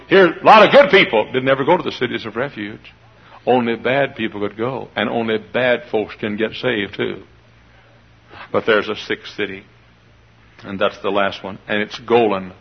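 Preacher guy, folksy sermon, raspy voice, dull old radio recording. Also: medium pitch. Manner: folksy, shouts and laughs, leads singing.

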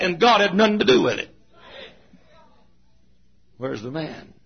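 A man preaching a sermon in a church, folksy, swinging from low asides to shouts. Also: very animated, unhurried, vocal fry, slightly rough. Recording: muffled lo-fi recording.

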